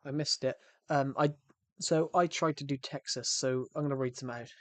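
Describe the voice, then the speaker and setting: A man's voice: mid-range voice, fairly even intonation, normal speed, dry recording. A man chatting casually on a game livestream in a rambling, self-correcting way. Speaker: game streamer.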